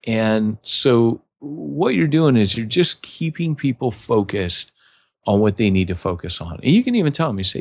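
Gravelly, husky and a little mellow, this man's mid-range voice is very animated at a normal speed. He co-hosts a conversational podcast, rambling along with restarts and acted-out quotes, recorded without echo.

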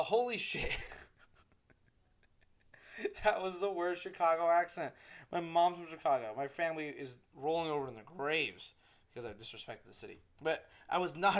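A man's voice: on the high side, fairly bright tone. A young man hosting his own casual sports podcast, rambling, correcting himself and swearing freely. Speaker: solo podcast host.

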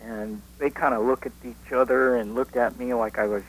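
A man who witnessed an event, recalling it haltingly with many restarts as a guest on a radio interview. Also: medium pitch, steady tone, rough recording. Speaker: eyewitness guest.

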